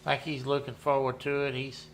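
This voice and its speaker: Throat-clearing man with bright voice. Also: mid-range voice, completely flat delivery, brisk, slight background noise. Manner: rambling, frequent throat clearing and fillers. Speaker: gaming streamer running a members' community. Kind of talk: casual commentary while playing.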